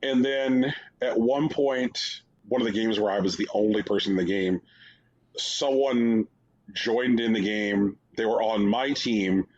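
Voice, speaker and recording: Husky-voiced man, sarcastic podcast rambling. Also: lowish voice, a little slow, a little mellow. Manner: rambling, sarcastic storytelling with many fillers. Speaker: podcast co-host. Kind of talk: casual chat reviewing games. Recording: dull lo-fi sound.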